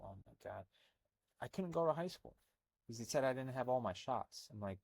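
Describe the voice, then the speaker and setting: A man's voice: mid-range voice, animated, moderate pace, vocal fry, no room sound. A young man from Albania, working as a health coach, talking bluntly in a rambling casual monologue full of fillers, recorded on a close mic.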